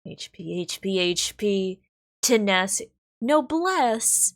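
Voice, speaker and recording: A woman streamer in casual live-stream chat, playful and self-mocking, lower in energy than usual. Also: big pitch swings, slow.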